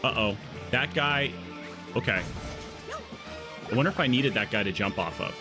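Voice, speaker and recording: A man's voice: medium pitch, normal speed, over music. A man streaming a game live, chatting casually in a rambling, jokey way that drifts off on tangents. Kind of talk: casual live-stream chat while gaming.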